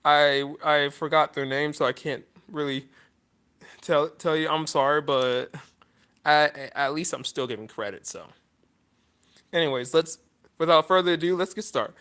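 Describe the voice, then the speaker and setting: High, bright-voiced rambling young man. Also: unhurried, long pauses, clear, resonant tone. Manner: rambling, apologetic, many restarts. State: emotional. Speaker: YouTuber. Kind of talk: casual vlog monologue.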